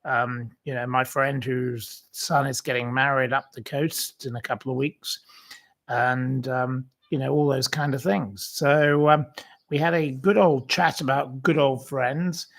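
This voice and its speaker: A man's voice: mid-range voice, fairly even intonation, unhurried, creaky, a bit bright. A man hosting his own channel, chatting casually to viewers and telling a rambling anecdote full of fillers and restarts. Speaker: channel host. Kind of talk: casual livestream chat.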